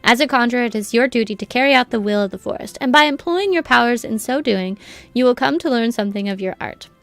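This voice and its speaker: A woman's voice: fairly high pitch, lively intonation, fairly bright tone, faint music behind. A woman reading as a solemn forest guild master. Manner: formal, measured reading of game dialogue. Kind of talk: reading game dialogue aloud.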